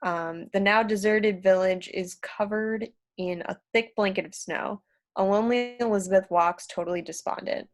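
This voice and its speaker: A woman's voice: mid-range voice, moderate pace. Woman reading stage directions. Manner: hesitant, with fillers. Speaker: narrator.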